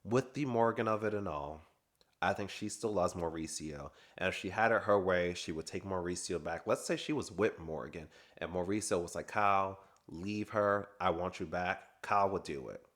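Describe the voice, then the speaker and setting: A man's voice: deep voice, animated, normal speed. A man chatting casually and gossiping through a reality TV recap, laughing often. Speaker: recap vlogger.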